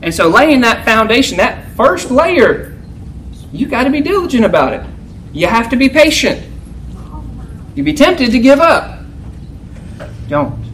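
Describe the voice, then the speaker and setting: Male preacher, high voice, chatty delivery, faint noise behind. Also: very animated, a little slow, pauses often, low-quality recording. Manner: conversational, keeps asking "right?"; acts out a yelling teacher in a loud, high voice. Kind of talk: sermon.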